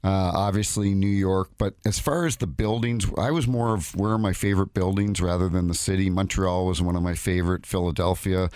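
A man's voice: low-pitched, steady tone, brisk, few pauses, darkish tone, clear, resonant tone, dry recording. A man in his fifties, a former hockey referee, telling stories in a casual radio studio interview and often repeating his words. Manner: chatty, tells anecdotes, repeats words. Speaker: guest, former NHL referee.

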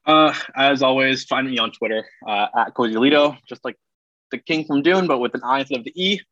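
A man gives his casual draft analysis as a podcast guest, his voice bright and forward. The recording is dry and a little dull, with no room sound around him. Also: mid-range voice, brisk, dry recording. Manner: loose and relaxed, with many fillers. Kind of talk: casual basketball draft chat.

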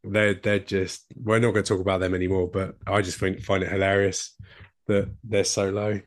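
A man's voice: sits low, flat delivery, normal speed, no room sound, studio quality. A man with a Cockney accent co-hosting a sports podcast, chatty and enthusiastic. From England. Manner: chatty, enthusiastic, repeats himself when thinking. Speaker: podcast co-host. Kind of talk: casual sports chat.

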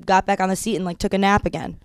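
A woman's voice: medium pitch, fairly even intonation, fast talker, dry recording. A woman, a guest in a casual comedic chat, telling wry, self-deprecating stories.

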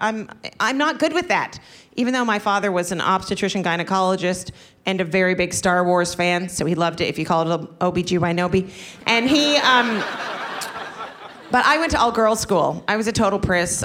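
A woman's voice: mid-range voice, noisy background. A woman in her thirties doing a stand-up comedy set, chatty, laughing through her punchlines. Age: 30s. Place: comedy venue stage.

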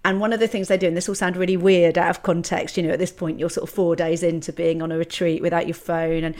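A middle-aged woman speaks openly on a podcast, working through her thoughts with frequent restarts. Her voice sits slightly low. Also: level tone, fast talker, a little mellow. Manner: candid, reflective, many restarts. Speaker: podcast host. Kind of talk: casual conversation.

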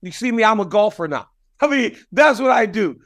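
A man with a high voice hosts a casual interview. He asks direct, leading questions in an easy, conversational way. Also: expressive, brisk, fairly bright tone. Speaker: host.

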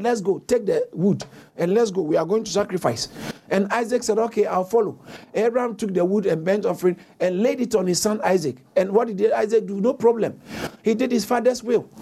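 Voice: medium pitch, creaky, mellow. A preacher delivering a sermon, reading scripture aloud, repeating key phrases for emphasis and calling on the congregation to answer. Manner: reads scripture aloud with frequent self-corrections.

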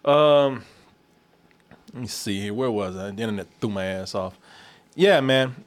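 A man's voice: lowish voice, unhurried. A man chatting casually and profanely about a movie, telling jokes and laughing as he talks. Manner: animated, profane, laughing storyteller. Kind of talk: casual movie review chat.

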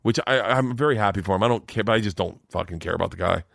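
Fast-talking low-voiced male comedian. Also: gravelly, no room sound, clean studio sound. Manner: fast, animated storyteller acting out quoted voices. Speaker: stand-up comedian guest. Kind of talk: casual podcast storytelling.

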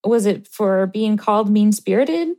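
A woman co-hosting an advice chat, thoughtful and measured. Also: medium pitch, lively intonation, warm tone. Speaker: co-host reading listener letters.

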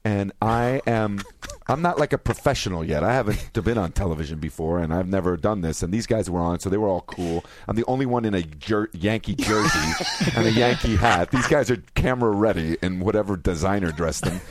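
Actor guest, man, fairly low voice; excitable, loose storyteller. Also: brisk, noisy background. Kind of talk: casual chat, telling anecdotes.

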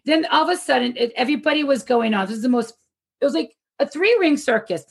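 High-voiced laughing woman telling a story. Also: expressive, quick pace, creaky, slightly rough. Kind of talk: casual chat over video call. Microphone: video call.

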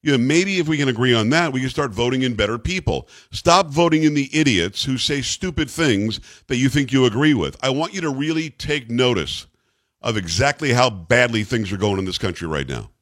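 Male radio host, emphatic, lively pitch, close dry studio mic. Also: fairly quick, no echo. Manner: emphatic, repeats rhetorical questions. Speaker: radio talk show host. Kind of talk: talk radio commentary.

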